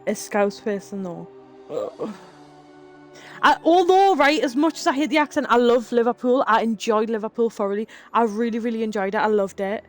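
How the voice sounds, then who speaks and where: A young woman with a Geordie accent talks to her live-stream viewers in a loose, chatty way. Her voice sits a little high, and she reads chat aloud, drops the odd swear word and laughs easily. Faint music plays behind her. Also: moderate pace. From Northeast England.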